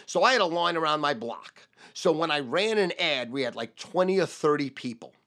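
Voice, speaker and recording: A middle-aged man, a sales trainer giving a profane motivational rant and shouting repeated keywords. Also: on the high side, lively intonation, normal speed.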